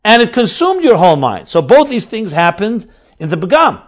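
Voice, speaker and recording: A rabbi gives an explanatory Torah lecture, emphatically explaining texts, repeating and rephrasing key words, and mixing in Hebrew and Aramaic terms. His voice sits high and is very animated at a normal speed. The recording is dull and lo-fi.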